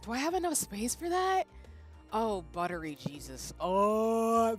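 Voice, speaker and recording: A woman streaming a game, chatting casually with her viewers in a playful, flustered way that breaks into loud bursts. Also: on the high side, sing-song, unhurried. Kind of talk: casual livestream chat while gaming. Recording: music playing behind.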